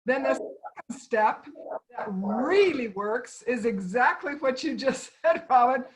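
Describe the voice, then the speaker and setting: Woman trainer, high-ish voice, methodical, repeats points, video call. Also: expressive, takes it slowly, slight background noise, poor audio. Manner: instructive, stepwise with repeated emphasis. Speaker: anger management trainer. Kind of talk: online training talk.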